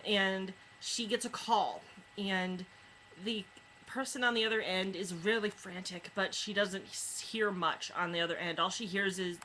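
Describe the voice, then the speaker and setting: A woman reviewing books in a casual chat, retelling stories with lots of fillers and quick asides. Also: mid-range voice, pushed and bright, a little hiss or hum, poor audio. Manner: chatty retelling with many fillers. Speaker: book reviewer.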